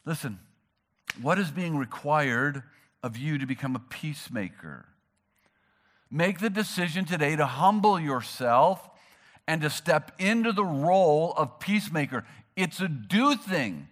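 A man delivers a sermon with a fairly high-pitched voice. He is animated, acts out the people he quotes and builds to emphatic peaks. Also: unhurried. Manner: animated preacher, acting out quoted figures, rising to emphatic peaks. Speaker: pastor.

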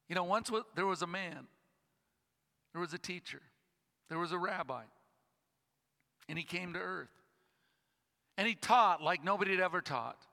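A male pastor preaching a sermon, telling a story with slow, dramatic pauses. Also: high voice, sharp tone, big-room sound.

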